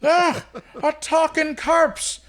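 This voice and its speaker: A man playing a stingy, drunken Irish trickster in a put-on Irish brogue, high and lilting. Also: fairly even intonation, very slow, fairly bright tone, full character voice. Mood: cheeky.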